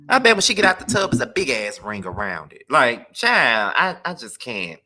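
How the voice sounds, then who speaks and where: Male livestream host with a bright, lively voice who does sassy, profane commentary for his chat. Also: mid-range voice. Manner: sassy, profane, drawn-out complaining. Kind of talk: livestream commentary on celebrity gossip.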